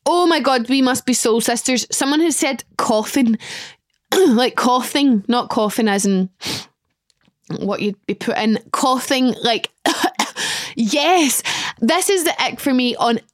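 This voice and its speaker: Young Scottish female podcast host, chatty and self-mocking, slightly high pitch, dry mic. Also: animated, measured pace, no room sound. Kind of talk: casual solo chat.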